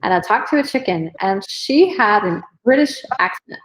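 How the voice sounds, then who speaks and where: A woman's voice: mid-range voice, lively intonation, moderate pace, low-quality recording. A woman hosting a podcast, chatting enthusiastically in a casual interview. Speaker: podcast host.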